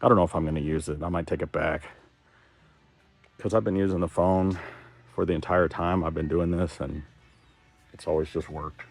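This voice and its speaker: A man's voice: sits low, fairly even intonation, normal speed, long pauses. A middle-aged man from Texas talking candidly and with plenty of swearing in a casual vlog as he walks around. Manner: candid and profane, talks while walking. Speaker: vlogger. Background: a dog barking.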